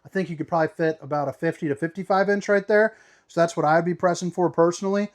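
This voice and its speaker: A man's voice: on the high side, fairly even intonation, fast talker. A man hosting a casual walkthrough tour inside a travel trailer, upbeat and playful with slangy asides. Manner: upbeat, playful, slangy, calls viewers baby. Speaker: RV tour host.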